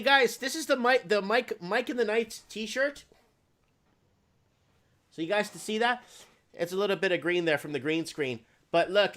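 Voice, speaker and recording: A man with a high voice hosts a casual conversation. He rambles in a loose, slangy way and often trails off mid-thought. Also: a bit bright. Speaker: host. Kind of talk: casual chat.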